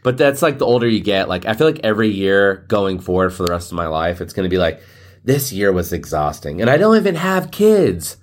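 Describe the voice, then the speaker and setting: A man's voice: on the low side, big pitch swings, fast, few pauses. Guy rambling on his solo podcast, laughs a lot, voice bounces all over. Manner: rambling, joking, laughs often. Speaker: podcast host. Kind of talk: casual solo podcast monologue.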